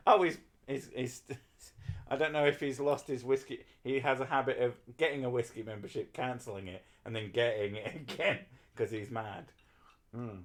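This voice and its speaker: A man's voice: mid-range voice, a little fast. A man chatting casually on a livestream, rambling and swearing while he talks to his viewers. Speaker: streamer.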